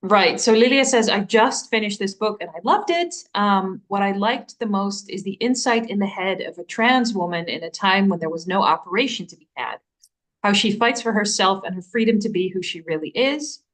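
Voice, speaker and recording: A young adult woman co-hosting a casual bookstore chat, easygoing and quick to laugh. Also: mid-range voice, lively intonation, fairly bright tone. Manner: easygoing, quick to laugh, reads a recommendation aloud. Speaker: bookstore staff co-host.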